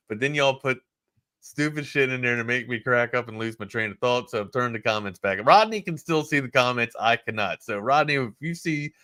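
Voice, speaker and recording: Loud, joking male radio host. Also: mid-range voice, smooth, no room sound, studio quality. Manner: joking, swears freely, loud bursts. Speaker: sports talk show host. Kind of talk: casual profane banter.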